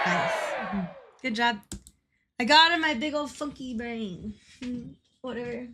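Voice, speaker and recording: A woman's voice: on the high side, measured pace, a loud crowd, heavy background noise. A woman streaming a game, chatting casually with viewers, giggling often and swearing freely when she gets worked up. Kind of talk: casual livestream chat.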